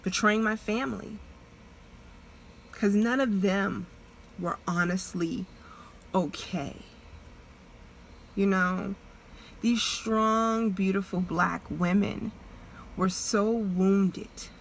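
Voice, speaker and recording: A young adult woman talking to her vlog audience in an earnest, halting way, restarting and repeating herself as she opens up. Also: medium pitch, steady tone, a little hiss or hum. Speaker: vlogger. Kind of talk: emotional personal vlog confession.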